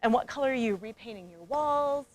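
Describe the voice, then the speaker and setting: A woman's voice: a little high, animated, a little fast. A woman speaker and coach giving a motivational conference talk, playful and engaging, who asks the audience questions and acts out quoted voices.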